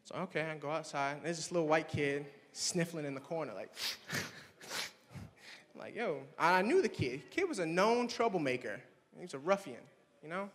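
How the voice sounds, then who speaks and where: A young man with a fairly high voice does stand-up, telling his stories with animated play-acting of the people in them. His voice rings out with a long reverb tail from a campus hall. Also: moderate pace. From Swannanoa, North Carolina. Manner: animated storytelling, acting out friends in higher voices. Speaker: stand-up comedian. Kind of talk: stand-up comedy set.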